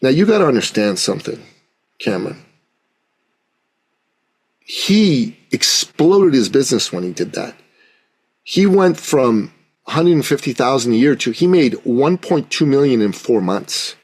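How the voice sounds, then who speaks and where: Male podcast guest, business coach; husky, emphatic storyteller who acts out dialogue. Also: mid-range voice, big pitch swings, measured pace, long pauses, darkish tone. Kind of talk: conversational storytelling interview.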